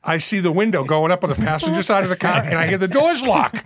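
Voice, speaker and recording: A man telling a funny anecdote in casual chat, animated and rambling. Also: sits high, fast talker, slightly rough, no echo.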